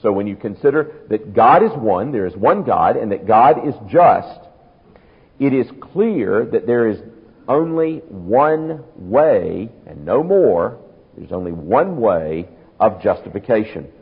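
A man's voice: fairly low pitch, big pitch swings, slow pace, breathy edge. A man preaching an expository sermon, emphatic and reasoning aloud with rhetorical questions. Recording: tinny, phone-like sermon recording in a reverberant hall.

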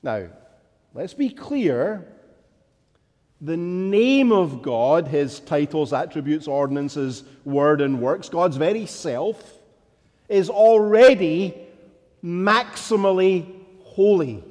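Man preaching slow and deliberate, gets loud and emphatic on the big lines, big echoey church. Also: on the high side, animated. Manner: deliberate, rising to emphatic declarations. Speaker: pastor. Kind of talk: sermon.

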